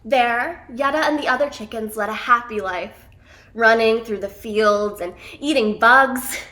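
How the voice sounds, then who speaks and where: A woman telling a children's story in an expressive, animated way. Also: a little high, a little slow.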